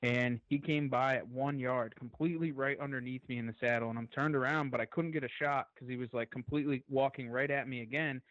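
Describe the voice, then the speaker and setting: A man as a podcast guest, telling a long story in an excited, rambling way and swearing freely. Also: mid-range voice, fairly quick, hardly any pauses, dry recording, highs cut off.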